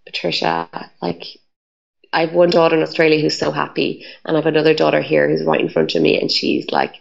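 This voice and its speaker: A woman voicing a caring, frank middle-aged mother in a low, breathy voice. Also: fairly quick, highs cut off. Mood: concerned.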